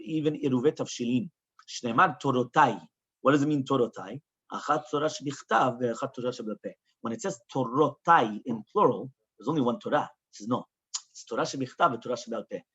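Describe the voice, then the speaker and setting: A man's voice: medium pitch, fairly bright tone, breathy edge, muffled recording. A man teaching a Talmud class as a rabbi, explaining the text with lots of rhetorical questions and quoted Hebrew and Aramaic.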